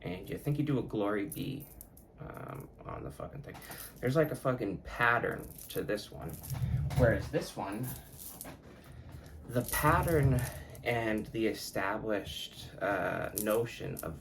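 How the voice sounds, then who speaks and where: A man with a low, gravelly voice hosts his own podcast and drifts from thought to thought. He swears freely and often catches and fixes his own words. A faint room hum sits behind him. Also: lively intonation, takes it slowly. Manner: rambling, profane, self-correcting. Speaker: podcast host. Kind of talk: casual solo podcast talk.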